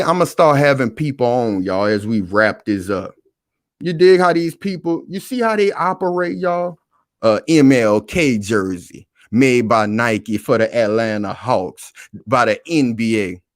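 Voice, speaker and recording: A man with a medium-pitched voice hosts a live stream, talking casually, preaching and repeatedly calling out to his viewers. The recording is dry and studio quality.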